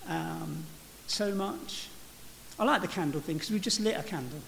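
A man's voice: high voice, normal speed, vocal fry, a bit bright. A man preaching a sermon in a church, speaking reflectively and often restarting his phrases. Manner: reflective, with frequent restarts and "you know". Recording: reverberant church hall with faint hiss.

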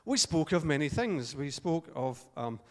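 A man's voice: on the high side, big pitch swings, measured pace. A Scottish man preaching an informal sermon, chatty and joking, with fillers and restarts. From Scotland. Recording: long hall reverb.

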